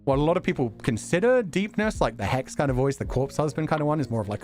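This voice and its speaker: A man's voice: a little high, lively intonation, quick pace, few pauses, a little mellow, soft background music. A man talking casually to his chat on a live stream, reacting to videos and laughing often.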